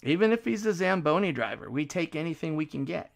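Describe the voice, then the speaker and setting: A man hosting a hockey card break, calling out each card loudly and then muttering quieter asides to viewers. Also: a little high, animated, quick pace, gravelly. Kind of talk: casual card-break commentary.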